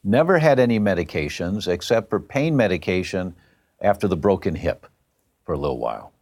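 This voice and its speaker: A man's voice: low voice, brisk. A man talking as an interview guest, telling a story and acting out the other voices in it. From half Italian family. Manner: animated, acts out quoted voices. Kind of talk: conversational storytelling.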